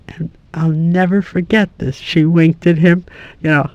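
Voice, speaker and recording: A woman's voice: low-pitched, steady tone, a little slow, dry recording. An older woman fondly recounting a story about her mother's citizenship hearing. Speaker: interviewee. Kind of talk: archival oral history recollection.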